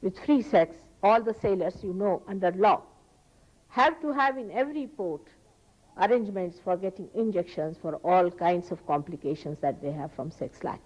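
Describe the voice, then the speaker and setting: A woman giving a public spiritual talk, earnest and emphatic, often rising sharply in pitch. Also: moderate pace, a little mellow, highs cut off. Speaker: spiritual teacher. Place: public hall.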